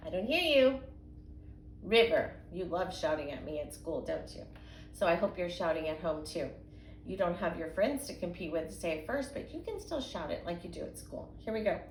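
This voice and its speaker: A woman's voice: fairly low pitch, fairly quick, darkish tone. Young woman teacher, patient sing-song phonics voice, roomy echo, faint hum, stretches out sounds for little kids. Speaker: kindergarten and first grade teacher. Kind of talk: recorded phonics reading lesson for young children. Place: home, indoors. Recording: echoey room with faint background hum.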